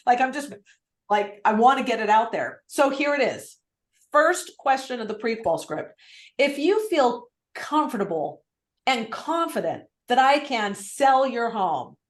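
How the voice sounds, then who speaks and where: A woman's voice: on the high side, reverberant. A woman real estate coach teaching on a video call, talking with energy and acting out client replies. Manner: energetic, animated, acts out client lines.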